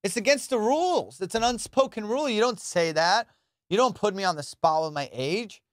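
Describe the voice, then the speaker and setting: A young adult man hosting a comedy podcast, telling a story in an animated, profane way and acting out quotes. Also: high-pitched, moderate pace, dry recording, clean studio sound.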